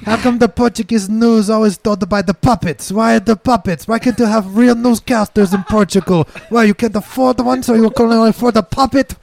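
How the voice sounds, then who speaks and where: Man playing a high, gravelly braggart with a cartoonish fake accent, comedy bit. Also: normal speed, hardly any pauses, a bit bright. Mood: indignant. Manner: exaggerated fake broken-English accent, bragging. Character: brash Portuguese-American man from Rhode Island, boastful.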